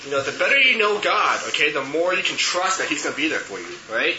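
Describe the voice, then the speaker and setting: A man leads a youth group lesson in a loose, chatty way, his voice sitting a little high. He keeps checking in with the group as he talks. The recording is muffled and noisy, with plenty of room echo. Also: sing-song, fast talker, crowd noise. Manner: chatty, checks in with okay and right. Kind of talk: casual teaching to a group.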